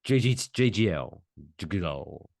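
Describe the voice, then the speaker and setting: Podcast guy chatting casual, low voice, jumps all over in pitch, goofy drawn-out intros. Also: animated, a little mellow, no echo, studio quality. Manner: playful, announcer-style build-ups with drawn-out names. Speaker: podcast co-host.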